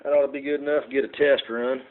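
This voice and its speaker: A man's voice: medium pitch, little pitch movement, quick pace. A man talks casually and folksily while fixing a lantern, calling his viewers "folks" and rambling with plenty of "uh"s, recorded on a phone indoors at home. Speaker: home repair vlogger. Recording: tinny phone recording with faint noise.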